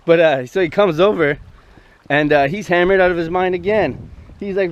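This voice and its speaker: A man's voice: high-pitched, steady tone, normal speed, dull audio. A man casually telling a long personal story, rambling and profane with lots of fillers, recorded outdoors near traffic. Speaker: host.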